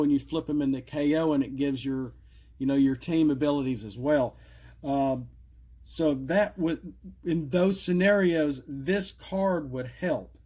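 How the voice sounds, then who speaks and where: Casual male presenter, middle-aged, slightly high voice, rambling and chatty, voice cracking with a cough. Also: mellow. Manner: rambling, many fillers and asides, self-deprecating. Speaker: card game creator presenting custom cards. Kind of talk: casual solo video talk.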